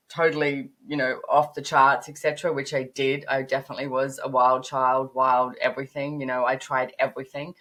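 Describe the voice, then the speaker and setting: A woman in her fifties speaks in a low register, telling stories in a lively, animated way. Her voice climbs sharply on emphatic words, then settles back into relaxed interview conversation. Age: 50s. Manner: animated storytelling, rising to emphatic peaks. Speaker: podcast guest, business author.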